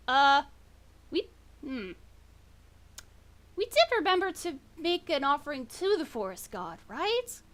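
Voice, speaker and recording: Woman playing a chirpy orc farm wife, coaxing, high voice. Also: sing-song, slow, pauses often, fairly bright tone, exaggerated voice. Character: cheerful female orc farm wife, bossy.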